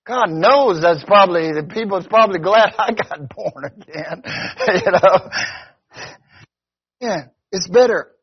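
A man's voice: high-pitched, expressive, slow pace, long pauses, slightly rough. A man preaching a conversational sermon as pastor, often stopping to ask "see?". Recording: dull lo-fi recording.

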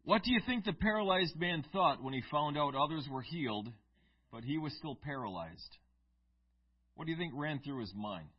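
Male pastor preaching, slightly high husky voice, chatty asides, muffled lo-fi audio. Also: expressive, normal speed. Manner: reads scripture in King James style, then preaches conversationally with asides. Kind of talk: sermon with scripture reading.

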